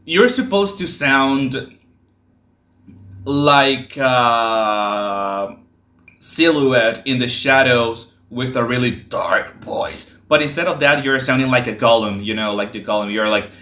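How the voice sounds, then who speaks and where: A man hosting a reaction video, critiquing the vocals in casual commentary, blunt but quick to apologize. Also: mid-range voice, pushed and bright, roomy sound.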